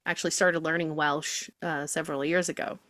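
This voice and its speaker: A woman stage actress chatting in an interview, telling animated stories and now and then dropping into put-on accents. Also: low-pitched, brisk, no echo. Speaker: guest theatre actress. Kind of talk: casual interview chat.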